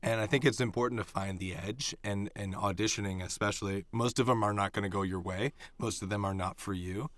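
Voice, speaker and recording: A man, a guest actor, telling stories in casual chat, animated and profane, acting out the voices of people he quotes. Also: on the low side, a little fast, hardly any pauses, dry recording. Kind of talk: casual storytelling.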